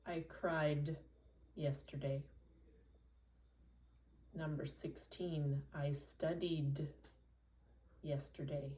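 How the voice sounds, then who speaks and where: A woman from Canada teaching an English lesson, repeating words slowly and clearly. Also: sits low, flat delivery, warm tone, recorded from a distance. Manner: slow, deliberate repetition of single words.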